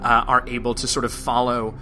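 A man's voice: mid-range voice, flat delivery, brisk, over music. A man narrating a tabletop game as game master, loose and chuckling, with lots of fillers.

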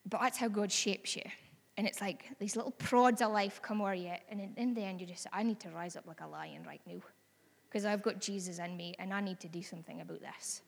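A woman's voice: medium pitch, steady tone, brisk, gravelly, breathy edge, in a large hall. A woman with a Scottish accent preaching a sermon in a chatty, earnest way that rises to bold exhortation.

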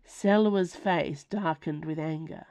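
A woman reading her own novella aloud in expressive, lively scripted narration. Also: low voice, slow.

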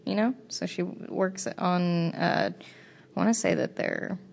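A young woman co-hosting a casual podcast, telling travel stories with lively quoted dialogue and frequent swearing. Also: lowish voice, takes it slowly, creaky. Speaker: podcast co-host. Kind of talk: casual chat.

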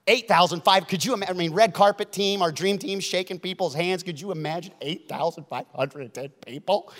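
A man preaching a sermon, swinging from loud emphatic lines to hushed ones. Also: high voice, brisk. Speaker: pastor. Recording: long hall reverb.

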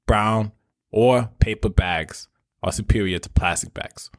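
A man's voice: lowish voice, a little slow, no room sound, studio quality, voice pushed down. A man voicing a brash, crude male paper bag in an improvised comedy podcast, rambling and boastful. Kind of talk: improv comedy role-play.

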